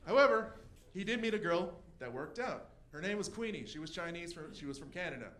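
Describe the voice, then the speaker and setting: A young man doing a stand-up comedy set, telling a story with quick voice switches for the people in it. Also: a little high, lively intonation, fairly bright tone. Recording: echoey room.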